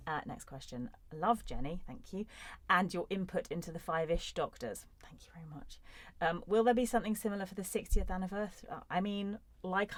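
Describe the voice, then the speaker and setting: A woman's voice: lowish voice, no echo. A woman in her thirties, an actor answering fan questions in a casual, chatty way with playful, self-mocking humor. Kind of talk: casual chat. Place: recording studio.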